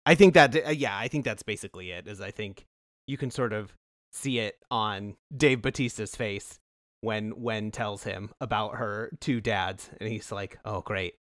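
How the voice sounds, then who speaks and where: A man co-hosting a podcast, talking through a book and its film in a relaxed, agreeable way. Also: lowish voice, moderate pace, no echo, studio quality. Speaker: podcast co-host. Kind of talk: casual book-and-film discussion.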